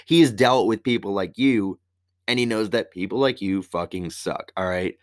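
Animated, foul-mouthed male storyteller. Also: normal speed, dry recording, clean studio sound. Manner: animated, heavy swearing, often jumps way up in pitch. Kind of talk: profane comedic storytelling rant.

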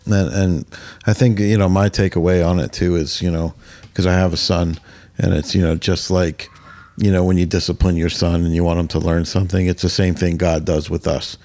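Deep, mellow-voiced man host. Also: little pitch movement, brisk, no echo. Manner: agreeable, reflective. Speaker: podcast host. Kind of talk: casual Bible discussion.

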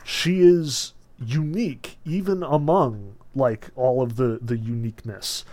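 A man lecturing casually on a book, his voice sitting at an ordinary middle pitch. He talks loosely, full of filler words and quick restarts, and presses hard on the points he wants to drive home. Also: a little mellow. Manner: emphatic when stressing points. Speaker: literature lecturer. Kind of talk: casual lecture on a novel, reading passages aloud.

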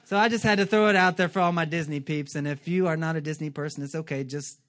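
A male pastor giving a lively, joking sermon and acting out quick character voices. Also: fairly high pitch.

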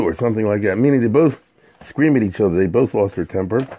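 A man's voice: lowish voice, expressive, quick pace, dark tone, a little hiss or hum. A middle-aged man giving an informal scripture lesson, explaining Hebrew verses in plain English in a conversational way. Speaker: Torah teacher.

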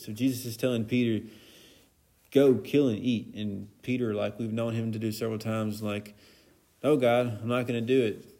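A man's voice: fairly low pitch, darkish tone. A man giving an informal Bible lesson in a casual, conversational way, with plenty of fillers and asides. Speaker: Bible study teacher.

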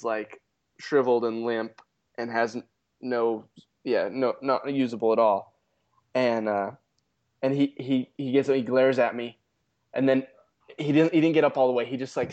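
A man's voice: mid-range voice, muffled recording. A man guest on a podcast, telling a story casually with many restarts and amused asides. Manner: rambling, self-amused, frequent restarts.

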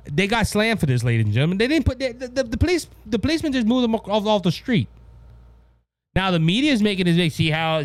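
A man hosting a political commentary show, speaking bluntly and often calling out "ladies and gentlemen," stumbling over words as he reads the news. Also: high voice, very animated, fast, dry recording. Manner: blunt, repetitive, addresses audience as "ladies and gentlemen"; stumbling restarts while reading news aloud. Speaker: podcast host.

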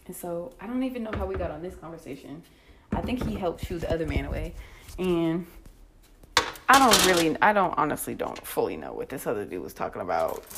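A young woman telling a story in a casual, profane chat, blunt and animated, acting out the exchanges with lots of fillers. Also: lowish voice.

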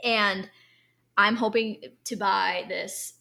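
Bright-voiced chatty young woman. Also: medium pitch, fairly even intonation, takes it slowly, vocal fry. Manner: chatty, enthusiastic, many fillers. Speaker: podcast co-host. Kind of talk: casual chat about perfume.

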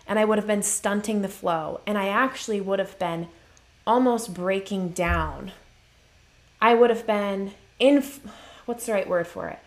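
Speaking unhurriedly at a medium pitch, a woman leads a motivational live-stream as a relationship coach. She is earnest and emphatic, repeats her key phrases, and reads out viewer comments.

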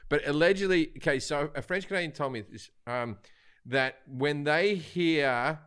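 A man's voice: a little high, normal speed, a bit bright, clean tone. A man hosting a casual comedic chat, telling stories and mimicking accents. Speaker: podcast host.

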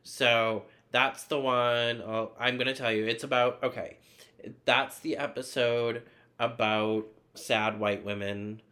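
A man's voice: medium pitch, fairly even intonation, slow, bright, forceful tone. A man hosting his own podcast, talking in a rambling, profane, self-deprecating solo monologue full of filler words. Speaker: podcast host.

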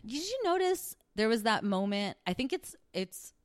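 A woman's voice: fairly high pitch, big pitch swings, moderate pace, clear, resonant tone. A woman co-hosting a podcast in casual chat, talking with lots of fillers and easy laughter. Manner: chatty, frequent fillers and laughter. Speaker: podcast co-host.

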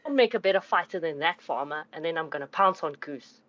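Cheeky woman player, lively up-and-down delivery. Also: low-pitched, a little fast, muffled recording. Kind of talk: casual role-play chat.

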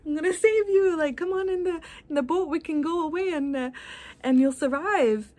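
A woman putting on a coaxing young man rowing up to a rescue, pitched well above her own voice. He sounds easygoing and encouraging. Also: moderate pace, a little mellow. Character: eager male rescuer in a rowboat.

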